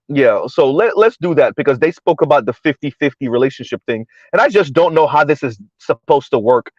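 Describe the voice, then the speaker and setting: A man's voice: on the high side, no room sound. A man hosting a casual livestream, talking through social topics and reading chat messages aloud, repeating words as he goes. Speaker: livestream host. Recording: dull lo-fi livestream audio.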